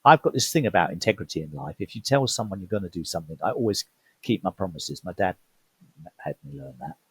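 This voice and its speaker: A middle-aged Englishman, a podcast guest, telling a personal story in lively fashion and acting out what people said. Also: deep voice, quick pace, husky, no room sound. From England. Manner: animated storyteller, acts out quoted voices. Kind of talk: storytelling conversation.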